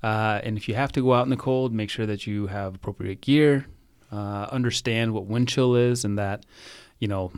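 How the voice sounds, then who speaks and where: Smooth-voiced man, dry close podcast sound. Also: lowish voice, moderate pace, a little mellow, no room sound. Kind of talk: casual podcast chat.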